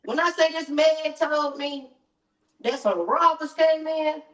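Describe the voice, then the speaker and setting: A woman with a high, bright pitch tells her story as an interview guest, animated and repetitive, acting out the lines others said to her. Her voice sits far from the mic in an echoey room. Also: takes it slowly. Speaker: interview guest, mother of the deceased. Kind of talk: emotional storytelling, reenacting conversations.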